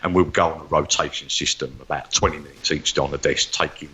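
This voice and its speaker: A man's voice: a bass voice, steady tone, fast talker, sharp tone, slight background noise. A man, a guest psychic medium, telling stories animatedly and acting out the voices of the people he quotes. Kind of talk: storytelling interview chat.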